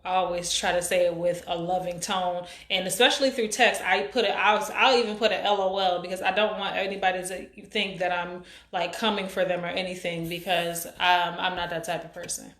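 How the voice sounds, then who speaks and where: Rambling, low-voiced woman host, echoey room. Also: fairly even intonation, a bit bright. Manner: rambling, halting, many fillers. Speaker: live-stream show host. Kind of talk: casual chat reading viewer comments.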